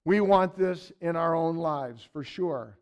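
A man teaching a verse-by-verse sermon in a folksy way, with loud stresses and soft asides, repeating words as he searches. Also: on the high side, slow pace, highs cut off. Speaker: Bible teacher.

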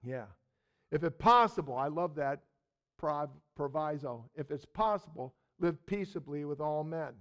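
A man teaching a verse-by-verse sermon in a folksy way, with loud stresses and soft asides, repeating words as he searches. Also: on the high side, lively intonation, a little slow, highs cut off. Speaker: Bible teacher.

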